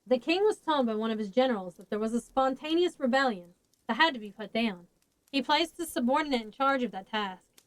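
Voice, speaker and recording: A woman's voice: on the high side, expressive, a little fast, no echo, close to an everyday voice, low-quality recording. A woman voicing a weary, blunt grown man in a storybook reading, talking plainly.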